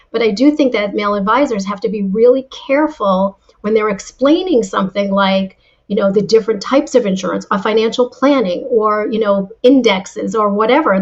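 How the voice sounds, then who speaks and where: A woman speaks as an interview guest, telling stories in an animated way and tripping over her words now and then. Her voice sits at a middle pitch. The sound is dull and lo-fi, like a livestream. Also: a little fast. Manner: animated storyteller, frequent restarts. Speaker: guest, former insurance seller. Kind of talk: casual storytelling interview.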